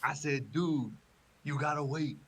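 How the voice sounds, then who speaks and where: A man doing an impression of a deadpan, laid-back male stand-up comic on a comedy podcast, explaining his own one-liners earnestly. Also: fairly high pitch, unhurried, husky.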